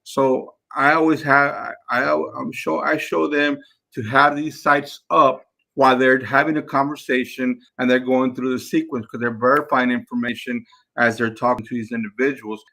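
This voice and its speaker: A man coaching his team in a casual talk, repeating himself and acting out phone calls with sellers. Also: medium pitch. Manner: energetic, repeats words, acts out phone calls. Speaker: real estate investing coach.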